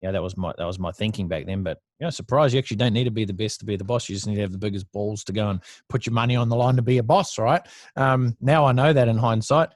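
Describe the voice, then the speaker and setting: A man's voice: on the low side, fast talker, a little mellow, no echo, clean studio sound. A man in his thirties with an Australian accent, telling stories as a guest in a casual interview, blunt and chatty, swearing freely. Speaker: guest entrepreneur.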